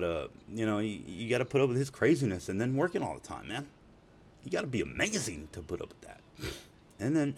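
A middle-aged man telling casual, profane stories, rambling and laughing often. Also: lowish voice. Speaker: storyteller. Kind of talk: casual spoken storytelling.

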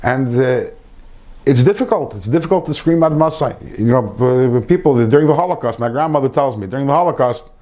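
A man's voice: mid-range voice, expressive, fairly quick, dark tone. A man giving an informal Torah lesson to a small group, earnest, repeating phrases and mixing in Hebrew terms. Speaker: Torah class teacher.

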